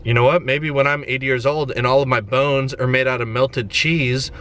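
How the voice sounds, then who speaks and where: A man's voice: mid-range voice, steady tone, moderate pace, a bit bright. A man in his twenties, a comedian vlogging in a self-mocking way with sudden melodramatic wails. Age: 20s. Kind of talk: comedic vlog monologue. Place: inside a van.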